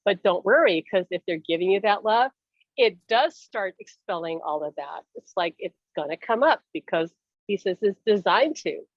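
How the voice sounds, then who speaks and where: A woman speaking as a spiritual medium in a casual talk, telling stories in a lively way and laughing often. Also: mid-range voice, moderate pace, dry recording, lo-fi sound. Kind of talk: casual talk show chat.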